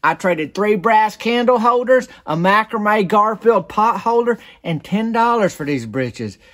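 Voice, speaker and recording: A man voicing an excitable, thrifty woman, speaking in an insistent drawl. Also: sits high, measured pace, voice pushed up. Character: thrifty Southern wife, excitable.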